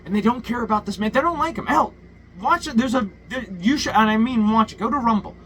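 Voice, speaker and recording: A man's voice: very high voice, fast, fairly bright tone, slight background noise, poor audio. A man ranting a political monologue, profane and heated, full of stumbles and restarts. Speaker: political commentator.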